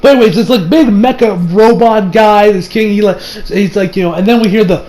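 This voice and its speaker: A man's voice: high voice, a little fast, darkish tone, rough recording. A young man casually recapping an anime episode, rambling with lots of fillers and laughs. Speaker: anime reviewer.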